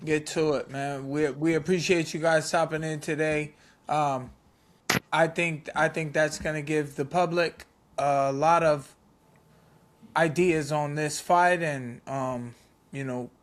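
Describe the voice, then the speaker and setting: Podcast host, male, high pitch, halting and flustered. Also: a bit bright. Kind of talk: podcast interview hosting.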